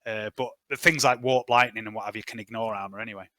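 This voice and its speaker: A man's voice: lowish voice, fairly even intonation, fast talker, crowd noise. A man running a tabletop role-playing game as game master, thinking aloud and hesitating with fillers as he checks rules and gear.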